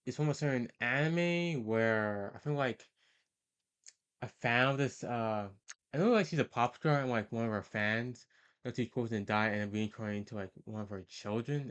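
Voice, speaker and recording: A man's voice: mid-range voice, fairly bright tone, clean tone. A man giving casual, rambling tier-list commentary, hesitating often and correcting himself mid-sentence. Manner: hesitant and rambling, many fillers and self-corrections. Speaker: video host ranking characters.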